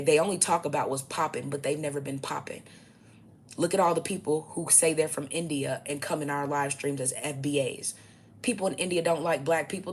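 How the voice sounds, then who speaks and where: A woman with a low, heavy voice holds forth to camera as a self-styled spiritual teacher. She preaches in a blunt, profane, combative way. Faint noise sits under her voice. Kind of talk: ranting monologue to camera.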